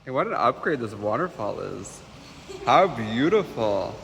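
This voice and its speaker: A man's voice: mid-range voice, very animated, unhurried, creaky. Man in his twenties, casual vlog, blunt, swears a lot, phone camera, light background noise. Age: 20s. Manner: candid, swearing, jumps between joking and venting. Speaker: vlogger. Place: out and about, car and stores.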